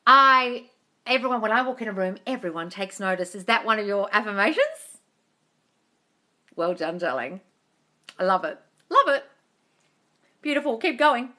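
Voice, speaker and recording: A woman's voice: medium pitch, animated, normal speed, pauses often, bright, forceful tone. A woman hosting a live-streamed Q&A as a manifestation coach, effusive, calling viewers darling and swearing casually. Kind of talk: live-stream Q&A, reading comments aloud. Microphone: tablet mic.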